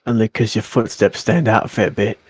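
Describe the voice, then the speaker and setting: A man's voice: fairly low pitch, fairly even intonation, brisk, breathy edge, no room sound. A man voicing a sleepy, terse young male student who talks in a tired, curt way. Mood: flat. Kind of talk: visual novel voice acting.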